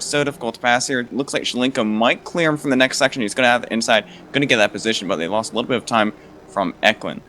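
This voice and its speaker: A man's voice: medium pitch, a little hiss or hum. A man giving play-by-play commentary on an online sim race, his voice climbing when the racing gets close. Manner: quick, rising excitement on passes.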